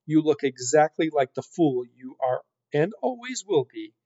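Sneery cruel rat villain, man putting it on, loud and haughty, lo-fi. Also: on the high side, sing-song, measured pace, no room sound. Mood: sneering. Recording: dull lo-fi recording.

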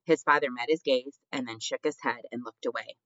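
A man narrating an audiobook in a measured, expressive storybook reading. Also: medium pitch, dry recording. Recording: dull dry lo-fi recording.

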